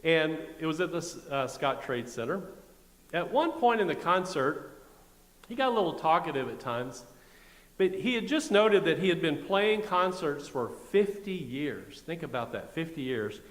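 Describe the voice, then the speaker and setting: Midwestern man, middle-aged pastor, fairly high voice, wry conversational sermon, long church reverb. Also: big pitch swings, unhurried, a bit bright. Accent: Midwestern American. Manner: conversational and wry, with asides to the congregation. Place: church sanctuary.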